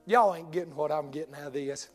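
Male preacher, high-pitched, animated folksy storyteller; faint music bed. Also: fast. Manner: folksy, animated, drawling delivery with dialect. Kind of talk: humorous storytelling sermon.

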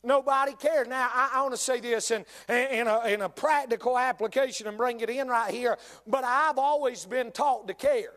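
A man's voice: extremely high pitch, moderate pace, few pauses, fairly bright tone. A male pastor with a North Carolina Southern accent, preaching a sermon and speaking straight to his congregation, repeating key lines for emphasis.

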